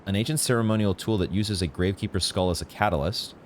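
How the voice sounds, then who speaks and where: A man giving excitable, swear-laden commentary while playing a video game. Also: deep voice, quick pace, slight background noise. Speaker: gaming channel host. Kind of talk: live gameplay commentary.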